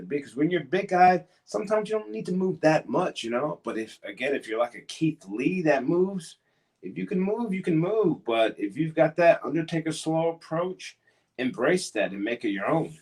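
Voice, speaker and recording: A man's voice: a little high, very animated, normal speed, a little mellow. A man who wrestles professionally, answering questions in a casual interview, earnest and a bit hesitant, encouraging at times.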